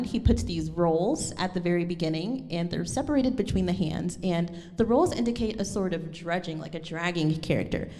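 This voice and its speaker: A woman's voice: lowish voice, dark tone, big-room sound. A woman giving a lecture recital, speaking thoughtfully and correcting herself with frequent ums. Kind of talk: lecture presentation.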